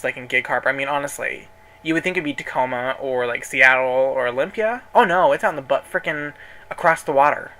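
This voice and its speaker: A man's voice: medium pitch, bright, forceful tone, low-quality recording. A man telling a story in a casual vlog, chatty and sassy, dramatically quoting people while folding clothes at home. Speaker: vlogger. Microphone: camera in front of him.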